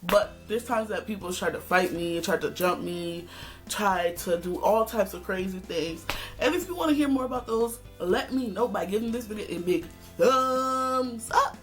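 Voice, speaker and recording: Sassy, animated woman telling a story. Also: medium pitch, normal speed, soft background music. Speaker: vlogger. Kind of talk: casual storytime vlog.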